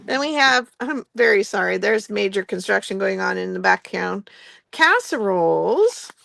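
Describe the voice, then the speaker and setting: Woman, chatty sale host, bright tone, dry close sound, laughs often. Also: mid-range voice, sing-song, moderate pace, vocal fry, no echo. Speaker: host running a live craft-supply sale. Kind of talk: casual live sale chat. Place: indoor shop with construction noise nearby.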